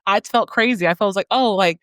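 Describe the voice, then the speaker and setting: A woman's voice: mid-range voice, a little fast, a bit bright, no room sound. A woman hosting a podcast who tells stories in a chatty, rambling way, filling her talk with "like" and laughing often. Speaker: podcast host. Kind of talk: podcast conversation.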